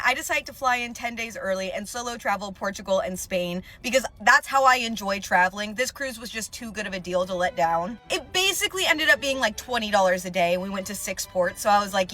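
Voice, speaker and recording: A woman telling a story in a sarcastic, animated way for a storytime video. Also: on the high side.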